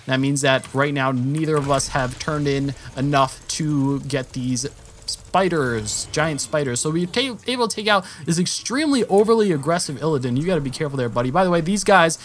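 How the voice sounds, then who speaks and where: Young guy narrating his match, kinda high voice, rambly, faint hiss behind. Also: a little fast. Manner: rambling, self-correcting, jumps up in excitement at action. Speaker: gameplay commentator. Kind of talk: casual gameplay commentary.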